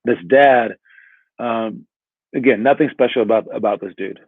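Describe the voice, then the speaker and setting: A man's voice: medium pitch, moderate pace, slightly rough, dry recording. A man giving a casual motivational talk as a coach, rambling and asking "all right?" again and again. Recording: tinny phone-like audio.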